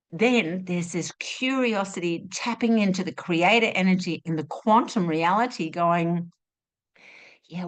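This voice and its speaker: A woman giving a spiritual teaching talk, asking rhetorical questions and acting out inner voices in an expressive way. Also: lowish voice. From Australia.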